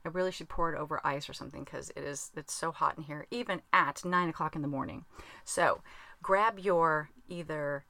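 A woman's voice: deep voice, normal speed, creaky, sharp tone, dry recording. A woman hosting a podcast in casual chat, rambling and laughing at herself, recorded in a small closet. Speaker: podcast host.

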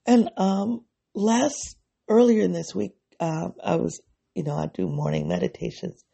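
A deep-fried, gravelly voice with a husky, breathy edge, speaking in a reflective personal monologue. The vlogger thinks aloud, stops to fix half-remembered quotes, and leans hard on key words with earnest, drawn-out emphasis. The tone stays dark and mellow throughout. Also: animated.

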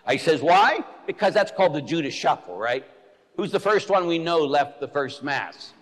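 Lively, blunt joking priest preaching. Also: male voice, fairly high pitch, moderate pace. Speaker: Catholic priest. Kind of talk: sermon. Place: church. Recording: echoey church hall.

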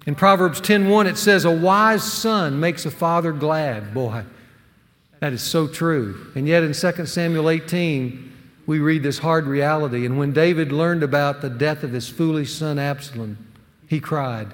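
A man preaching a sermon to men, earnest and emphatic, with dramatic pauses. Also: a little high. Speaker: pastor teaching a men's series. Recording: long hall reverb.

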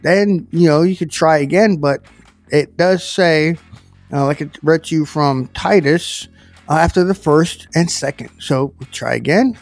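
A man's voice: fairly high pitch, unhurried, vocal fry, faint music behind. A man giving informal Bible teaching in a plainspoken, conversational, emphatic way.

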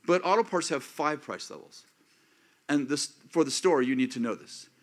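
Animated preacher man, high lively voice. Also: moderate pace. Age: 50s or older. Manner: animated, acts out prayers and inner thoughts. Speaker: pastor. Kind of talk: sermon.

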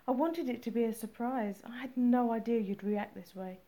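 A woman's voice: on the high side, moderate pace, dark tone, close to an everyday voice. Woman voicing a pleading, remorseful girlfriend. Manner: pleading, apologetic. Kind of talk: audiobook character reading.

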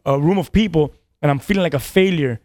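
A man's voice: fairly high pitch, fast, darkish tone, no echo. A man in his thirties, a pastor, telling a personal story on a podcast in an earnest way, often repeating his words. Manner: earnest, repeats words, laughs between lines.

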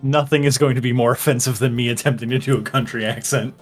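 A man's voice: mid-range voice, fairly even intonation, fast talker, faint music behind. A man hosting a tabletop game podcast, chatting casually and stammering when put on the spot. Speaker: podcast host and player.

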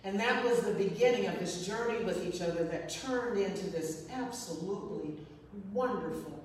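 A woman's voice: medium pitch, moderate pace, a little mellow. A woman shares a personal story in an earnest, reflective way, often circling back to repeat a phrase. Her voice reaches the mic from some distance in a large, echoing hall with a long reverb tail, and faint noise sits under it. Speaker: speaker sharing a personal story. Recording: echoey hall, voice from far off.

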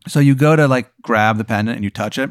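A man narrating as game master in an improvised tabletop game, telling it in a casual, deadpan way. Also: mid-range voice, fast, smooth, dry recording, clean studio sound.

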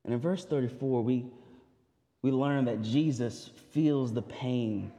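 A male pastor preaching a sermon in a lively, conversational way. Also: medium pitch, unhurried. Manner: animated, conversational, acts out voices and laughs. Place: church sanctuary. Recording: long hall reverb.

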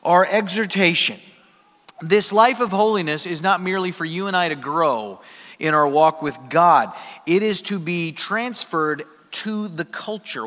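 A middle-aged man, a pastor preaching a sermon and telling a lively story to his congregation. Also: high-pitched. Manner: animated, acts out voices in a story, laughs with the congregation. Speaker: worship pastor. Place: large church hall. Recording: reverberant church hall.

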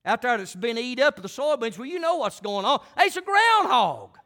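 A pastor delivers a folksy sermon in a very high, ringing voice. He talks plainly and then climbs into shouted, fervent preaching. The man's tone stays bright and forceful throughout. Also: sing-song, moderate pace. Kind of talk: fiery country sermon.

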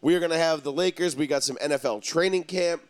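A man's voice: a little high, fast, clean tone, no room sound. Joking man hosting a sports podcast. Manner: joking, loose, hypes the show. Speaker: podcast host. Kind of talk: casual sports radio chat.

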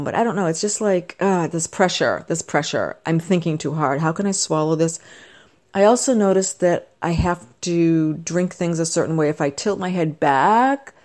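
A woman's voice: low-pitched, darkish tone. Chatty middle-aged woman rambling on. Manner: chatty, self-deprecating, wandering asides. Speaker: vlogger. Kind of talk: casual rambling monologue.

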